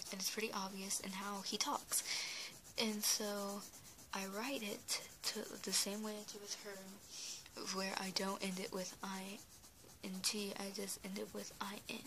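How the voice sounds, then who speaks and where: A woman's voice: mid-range voice, background noise. A young woman giving casual, rambling advice on creating characters, full of restarts and fillers, recorded on a camera mic at home. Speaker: art vlogger. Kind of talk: casual talking-head advice.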